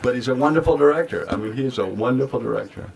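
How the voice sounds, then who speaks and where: A man's voice: medium pitch, animated, fast talker, creaky, darkish tone. An older man, a guest actor at a festival Q&A, telling rambling anecdotes full of acted-out quotes. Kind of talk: festival Q&A storytelling. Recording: audience noise in a festival hall.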